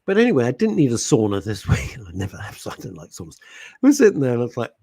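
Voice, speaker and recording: A man's voice: medium pitch, fast talker, husky, no room sound. A middle-aged man, hosting a radio show in casual, rambling chat. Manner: animated, rambling, puts on quoted voices. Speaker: radio host.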